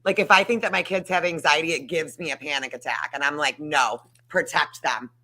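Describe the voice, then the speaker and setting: Bright-voiced heated woman guest. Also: low-pitched, fast. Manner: heated, emphatic, swears. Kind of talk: casual chat.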